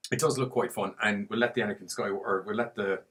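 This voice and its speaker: Hombre bromista que divaga y suelta tacos. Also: male voice, on the low side, fairly even intonation, fast talker, a bit bright. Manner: rambling, jokey, swears freely. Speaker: podcast co-host. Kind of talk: casual podcast chat.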